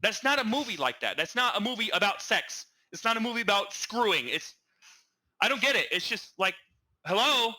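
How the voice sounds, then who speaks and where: Young male podcast co-host, bright and slightly high, stammering rambler. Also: brisk, poor audio. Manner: rambling, stammering, animated retelling. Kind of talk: casual chat.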